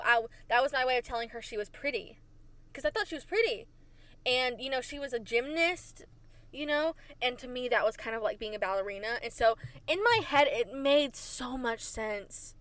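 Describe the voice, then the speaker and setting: Giggly high-voiced woman podcast host. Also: moderate pace, a bit bright. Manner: giggly, rambling storyteller; playful, silly and self-mocking. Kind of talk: casual solo podcast chat.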